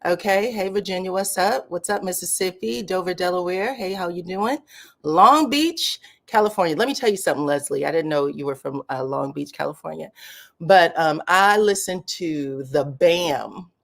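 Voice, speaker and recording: A woman hosting a live commentary stream, chatting casually and greeting viewers one by one in drawn-out welcomes. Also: lowish voice, creaky.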